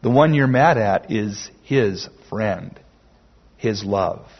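A man preaching a sermon slowly and emphatically, with dramatic pauses. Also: on the low side, expressive, vocal fry, breathy edge. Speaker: pastor. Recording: dull lo-fi sermon recording.

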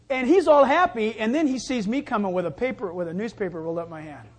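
A man's voice: extremely high pitch, expressive, fast, few pauses, husky. A man preaching a sermon, telling stories in a loose, chatty way and acting out the voices in them. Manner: conversational storytelling with acted-out voices. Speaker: pastor.

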